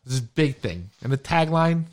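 This podcast host is a slightly drunk man whose medium-pitched voice moves along fairly quickly. Recorded in a studio, he swears constantly and trips over his words while spinning lively, foul-mouthed tales in loose banter.

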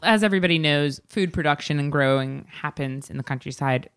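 A woman's voice: deep voice, brisk, clear, resonant tone. A young woman co-hosting a podcast, telling a story in loose, profane casual chat and laughing easily. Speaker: podcast co-host.

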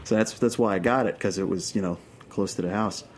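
A man's voice: lowish voice, brisk, slight background noise. A man from Queens with a New York accent, a filmmaker guest rambling with many restarts in casual radio chat. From Queens, New York City.

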